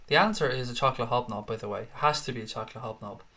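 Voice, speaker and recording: A man's voice: mid-range voice, sharp tone. A middle-aged man, hosting a casual live stream, reading viewer comments and ranting with plenty of swearing. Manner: sweary, quick to rant in mock outrage. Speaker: host.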